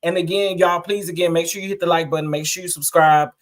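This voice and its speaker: A man chats casually on a live vlog, greeting viewers by name. He talks with emphatic, preachy feeling that turns emotional. His voice sits slightly higher than most men's. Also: fairly even intonation, quick pace. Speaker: vlogger.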